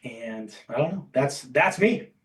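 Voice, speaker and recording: A man telling his career story as an interview guest, candid and animated, acting out bits of dialogue. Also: mid-range voice, unhurried, far from the mic, poor audio. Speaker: guest, insurance agency owner and coach.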